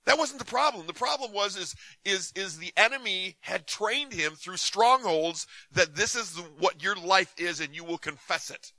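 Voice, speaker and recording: A man's voice: sits high, moderate pace, few pauses, sharp tone, dry recording, low-quality recording. A man preaching in a conversational way, telling stories and often repeating his words. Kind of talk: sermon with personal storytelling.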